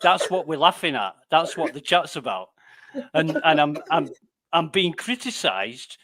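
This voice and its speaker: A man with an English accent, a guest in a casual chat. He talks politely and at a measured pace. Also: a little high, sing-song, a crowd in the background. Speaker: livestream guest.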